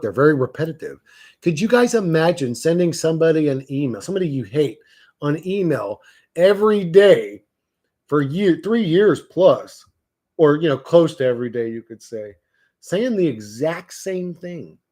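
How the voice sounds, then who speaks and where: Husky, foul-mouthed man ranting. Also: medium pitch, animated, normal speed, a little mellow. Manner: profane, mocking, laughs often. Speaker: livestream host reading chat. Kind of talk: casual rant to a live chat.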